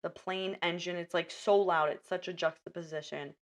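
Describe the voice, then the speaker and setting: Animated woman retelling a film, slightly low. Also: normal speed. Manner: animated storytelling, retelling film scenes with quoted lines. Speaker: podcast host. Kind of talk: casual podcast chat.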